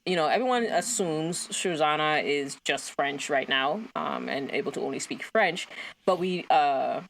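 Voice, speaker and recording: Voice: medium pitch, unhurried, gravelly, fairly bright tone, slight background noise. A co-host on a casual movie-review podcast, talking with enthusiasm in long, rambling sentences full of fillers. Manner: enthusiastic, rambling, lots of "like" and "you know".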